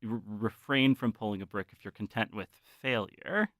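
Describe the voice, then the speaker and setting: Bright-voiced man running a horror game. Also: on the low side, no echo, studio quality. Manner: unhurried, searching for words as he describes scenes. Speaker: game master. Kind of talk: narrating a tabletop horror game.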